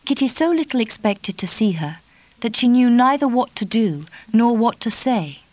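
Measured woman audiobook narrator, dry sound. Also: fairly high pitch, sing-song, a little mellow, no echo, low-quality recording. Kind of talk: scripted narration.

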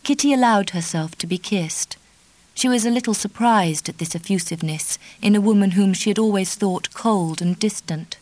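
Measured woman audiobook narrator, dry sound. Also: medium pitch, a little mellow, no room sound, low-quality recording. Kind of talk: scripted narration.

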